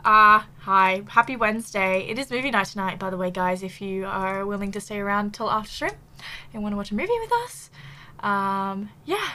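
A woman's voice: medium pitch, moderate pace, sharp tone. A woman chatting casually on a live stream, bubbly and giggly, full of fillers, a little out of breath.

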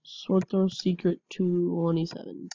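Excitable woman in lo-fi game commentary. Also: lowish voice, unhurried, no room sound. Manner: excitable, yelps and laughs at the game. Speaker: gameplay commentator.

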